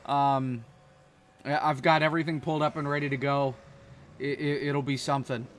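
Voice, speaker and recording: A man's voice: medium pitch, little pitch movement, normal speed, a bit bright, slight background noise. A man hosting a sim racing broadcast, talking casually and rambling with frequent restarts. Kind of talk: live stream race commentary.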